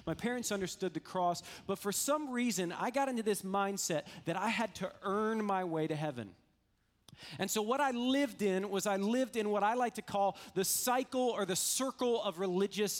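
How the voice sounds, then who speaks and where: High-voiced guy preaching, earnest, repeats himself a lot, goes up and down. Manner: earnest, repetitive, builds up and drops down. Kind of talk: live sermon.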